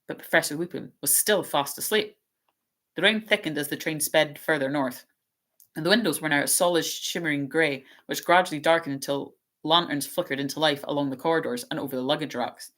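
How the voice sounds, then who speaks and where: A woman with a low voice reads a storybook aloud at a steady pace. She narrates calmly and now and then trips over a word and corrects herself. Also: brisk. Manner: steady narration with small slips and self-corrections. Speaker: channel host reading aloud.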